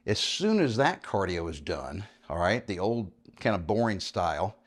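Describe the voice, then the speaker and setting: A man's voice: sits low, very animated, moderate pace. A man in his fifties, a fitness coach talking casually through a home workout, counting reps aloud and laughing easily. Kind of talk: home workout vlog with instruction.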